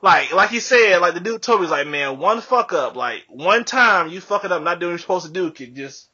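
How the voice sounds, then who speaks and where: A young man casually telling a profane, animated story on a podcast, laughing often. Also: sits high, fairly quick, slightly rough. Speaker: podcast co-host. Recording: dull lo-fi podcast audio.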